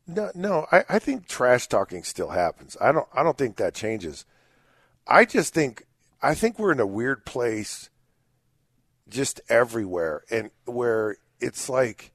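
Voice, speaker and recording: Sports talk co-host guy, mid pitch, dry close mic, stumbles into his points. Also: big pitch swings, measured pace, breathy edge, no room sound. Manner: opinionated, repeats words when starting.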